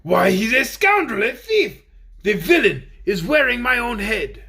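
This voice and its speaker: A man's voice: extremely high pitch, big pitch swings, normal speed, vocal fry, a bit bright, slightly rough, voice pushed up, heavily acted. A man voicing a hot-tempered tin soldier who speaks harshly and indignantly.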